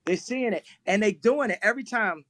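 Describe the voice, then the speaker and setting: Laughing man telling stories, high voice. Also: a little fast, dry recording. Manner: laughs through his stories, animated, repeats himself. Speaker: guest on a live stream. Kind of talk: casual storytelling.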